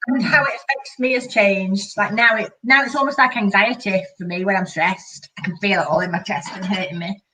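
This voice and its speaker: A woman's voice: medium pitch, steady tone, fairly quick, hardly any pauses, bright, forceful tone, far from the mic, slight background noise, rough recording. A younger woman co-hosting a casual live chat over a video call, frank, laughing and self-mocking. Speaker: co-host.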